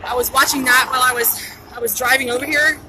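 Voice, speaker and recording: A woman livestreaming from her phone on a pedestrian bridge, talking in an urgent, excited way and a little out of breath. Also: sits high, quick pace. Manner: urgent, excited, repeats herself. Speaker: live-streaming citizen reporter. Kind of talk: live phone stream, unscripted commentary. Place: outdoors on a pedestrian bridge by a busy border crossing. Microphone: handheld phone. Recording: noisy outdoor phone recording. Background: traffic and helicopters.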